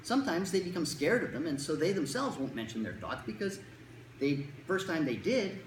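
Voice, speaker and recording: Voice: medium pitch, big pitch swings, normal speed. A presenter giving a talk to parents on child anxiety in a conversational, jokey way, acting out quotes. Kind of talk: lecture to parents. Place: lecture room with an audience. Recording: roomy echo, faint room noise.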